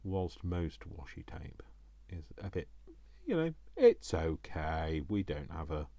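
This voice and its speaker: Deep gravelly British man crafting. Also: sing-song, slow, dark tone, no echo. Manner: chatty, self-mocking, talks to himself while working. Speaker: crafting vlogger. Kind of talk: casual crafting chat.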